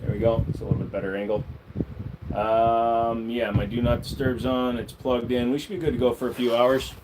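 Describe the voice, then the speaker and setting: A man's voice: mid-range voice, little pitch movement, a little fast, background noise. A man hosting a casual livestream, chatting with viewers and talking sweetly to his dog between answers. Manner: chatty, talks baby-talk to his dog. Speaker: livestream host.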